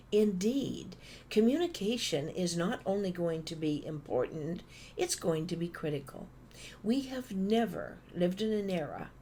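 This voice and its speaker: A Canadian woman giving a motivational conference talk, telling stories and acting out phone calls in an animated way. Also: on the low side, a little hiss or hum. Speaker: conference speaker.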